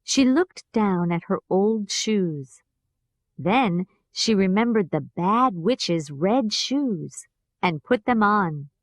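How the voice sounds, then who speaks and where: A woman with an American accent reading a graded storybook for language learners, clear and deliberate. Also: mid-range voice, expressive, no room sound. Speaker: reader. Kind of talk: slow scripted narration for language learners.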